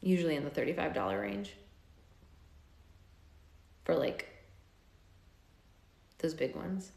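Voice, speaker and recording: A woman hosting a live book club, reading a novel aloud and dropping quiet, offhand asides to her viewers. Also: deep voice, takes it slowly, creaky, roomy sound. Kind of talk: live-streamed read-aloud with chatty asides.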